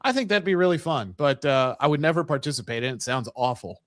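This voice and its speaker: A man co-hosting a sports podcast in casual chat, explaining things in a relaxed, easygoing way. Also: on the high side, fast talker, no room sound, clean studio sound. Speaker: podcast co-host.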